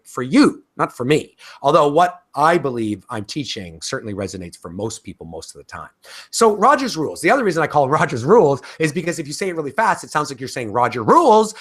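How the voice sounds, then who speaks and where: Animated man teaching a course. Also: medium pitch. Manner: animated, talkative, frequent fillers and restarts. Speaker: course instructor. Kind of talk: casual spoken lecture.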